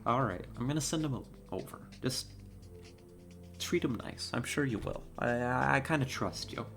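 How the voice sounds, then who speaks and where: A woman's voice: rumbling low, lively intonation, normal speed, gravelly, faint music behind. A woman streaming a video game, talking casually and in an easily moved way, with lots of fillers and laughter. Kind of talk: casual live-stream commentary.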